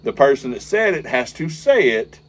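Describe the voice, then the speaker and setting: Brief: male co-host, animated storyteller, crude humor, mid pitch. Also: moderate pace, a little hiss or hum. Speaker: podcast co-host. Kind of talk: casual storytelling chat.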